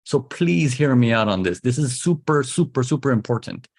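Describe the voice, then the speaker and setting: A man's voice: mid-range voice, expressive, moderate pace, vocal fry, darkish tone, husky. A man teaching trading to a live audience, emphatic and repetitive, coaxing his listeners along. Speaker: trading instructor.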